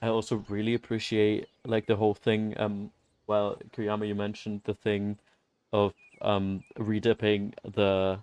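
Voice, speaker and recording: A man's voice: lowish voice, darkish tone, clean tone, dry recording. A young man, streaming a game and chatting loosely with his viewers, rambling and swearing as he goes. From Germany. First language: German. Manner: rambling, loose, swears and laughs, talks to chat. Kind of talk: casual live-stream chat while playing.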